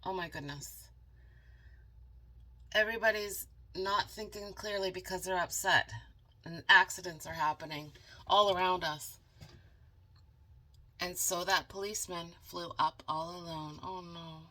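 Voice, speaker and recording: A woman reading a picture book aloud as a channel host, dramatic and animated, stopping for chatty asides to viewers. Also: on the low side, unhurried, long pauses. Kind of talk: storybook read-aloud with asides.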